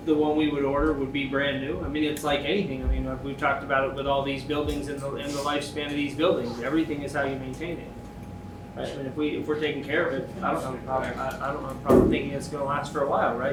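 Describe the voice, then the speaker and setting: Plainspoken man in an echoey room. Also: mid-range voice. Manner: plainspoken, casual explaining. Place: large meeting room. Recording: echoey room audio from far off, noisy.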